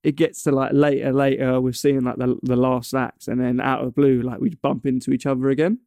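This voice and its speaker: Rambling young man, mellow voice. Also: medium pitch, little pitch movement, brisk, dry recording, clean studio sound. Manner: rambling, stumbles and restarts often. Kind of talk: casual chat.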